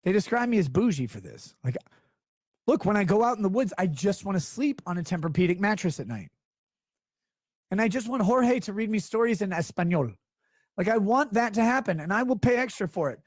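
A man's voice: high-pitched, animated, brisk, dry recording, clean studio sound. A man on his livestream, reading chat messages aloud and launching into an exasperated, profane, sarcastic rant. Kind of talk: ranting livestream monologue.

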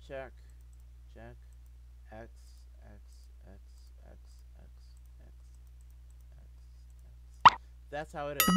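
A man's voice: mid-range voice, measured pace, long pauses, over loud music. A man giving rambling, jumpy commentary while playing a game, apologizing often. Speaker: gameplay video maker. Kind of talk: gameplay commentary.

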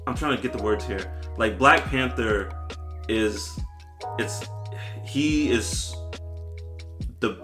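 A man co-hosting a podcast in casual chat, animated, laughing often and acting out what people said. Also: drawn-out words, long pauses, over music. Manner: animated, acts out quotes in a high voice, laughs often. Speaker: podcast co-host.

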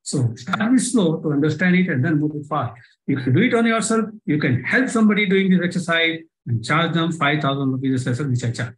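A man's voice: on the high side, animated, low-quality recording. Indian man leading a video-call workshop. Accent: Indian English. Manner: repetitive, coaxing, speeds up and slows for exercises. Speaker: workshop trainer. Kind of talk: live online workshop with guided exercises.

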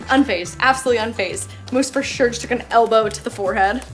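A woman's voice: fairly high pitch, brisk, hardly any pauses, faint music behind. A young woman vlogging in a casual, chatty way, exclaiming often and swearing in passing. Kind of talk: casual vlog chat.

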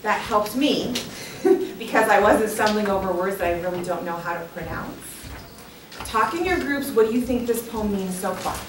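A woman's voice: mid-range voice, lively intonation, normal speed, a crowd in the background. A woman teacher leading a classroom lesson, encouraging her students and calling on them by name. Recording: echoey classroom, distant mic, background noise.

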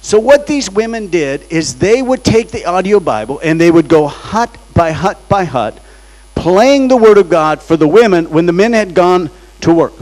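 A man's voice: high-pitched, animated, normal speed, darkish tone, poor audio. A man preaching as a guest in church, telling a story dramatically and acting out the voices he quotes. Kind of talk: storytelling sermon. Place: church sanctuary.

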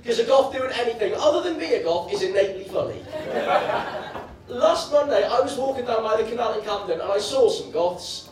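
A Geordie man from Newcastle performing a stand-up routine with quick, deadpan joke delivery in a comedy club. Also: very high-pitched, very noisy. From Newcastle, England. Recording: very echoey club from far off, audience laughter.

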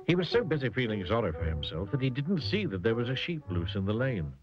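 A man narrating a children's storybook with a gentle comic touch, over a dull lo-fi recording with music behind. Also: lowish voice, fast, few pauses. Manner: lively, gently comic telling.

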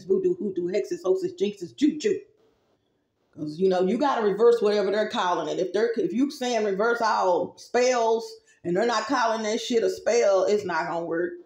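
A woman's voice: mid-range voice, normal speed, a little mellow, echoey room. A woman vlogger giving casual spiritual advice, chatty and rambling, talking straight to her viewers.

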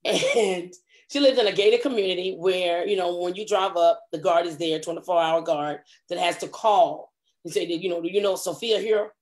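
A middle-aged woman, a comedic actress, telling stories in a casual interview and acting out quotes with lively voice jumps. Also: lowish voice, moderate pace. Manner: animated, acts out quotes with big voice jumps.

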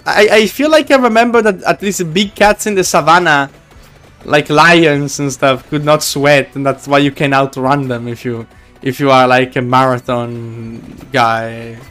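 A man's voice: medium pitch, steady tone, measured pace, fairly bright tone, faint music behind. A man streaming a game live, chatting casually and teasing his viewers in a playful way.

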